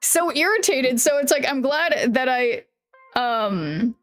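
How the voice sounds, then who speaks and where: A woman streamer chatting casually with her viewers, rambling, restarting sentences, swearing and laughing often, her voice a little worn from yelling. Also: high voice, expressive, slow, faint music behind. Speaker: live streamer.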